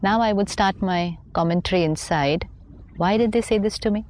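A woman's voice: mid-range voice, moderate pace, a little mellow. A woman speaking as a spiritual teacher on a talk show, explaining her ideas patiently and reflectively.

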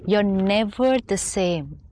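A woman's voice: medium pitch, expressive, slow pace, warm tone. A woman speaking as a spiritual teacher on a talk show, explaining her ideas patiently and reflectively.

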